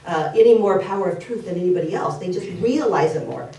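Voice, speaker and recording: This spiritual speaker is a woman with a lowish, mellow voice who talks fast with lively intonation, earnestly telling stories and repeating key phrases in her sermon. Recorded from afar in a roomy church hall, it has a little hiss or hum.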